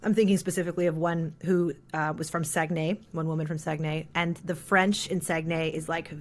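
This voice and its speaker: A trans non-binary voice teacher in an interview, explaining how voices are shaped and demonstrating pitch and resonance shifts. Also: level tone, a little fast.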